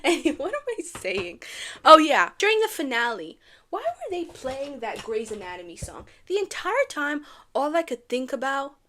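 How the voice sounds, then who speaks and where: A young woman from Canada recapping a reality dating show in a casual, animated way, gushing and repeating lines for effect. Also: high voice, normal speed.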